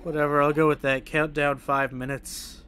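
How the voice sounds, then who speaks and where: A man's voice: fairly high pitch, flat delivery, normal speed, pushed and bright, slight background noise. A man streaming a game, reading its text aloud and breaking in with sarcastic, swearing asides.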